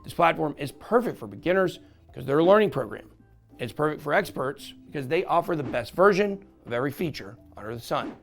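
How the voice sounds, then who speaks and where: A man reads a sponsored review in an upbeat, salesy host's voice. His voice sits fairly high with a gravelly rasp. Faint background music plays under him. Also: lively intonation, brisk. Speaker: crypto channel host.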